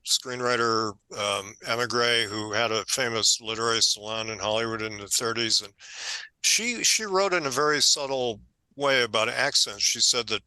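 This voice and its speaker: An older man, an author being interviewed, telling stories in a conversational, animated way and growing emphatic when indignant. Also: mid-range voice, moderate pace, clear, resonant tone, no room sound, rough recording. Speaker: author guest.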